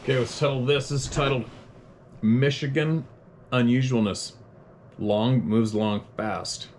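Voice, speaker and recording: A man's voice: medium pitch, fairly even intonation, a little slow, darkish tone, a little hiss or hum. A man from Canada, hosting a podcast and reading listener letters, talking bluntly and with plenty of swearing in a heated, unscripted monologue. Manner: blunt, profane, heated ranting; self-deprecating chuckles.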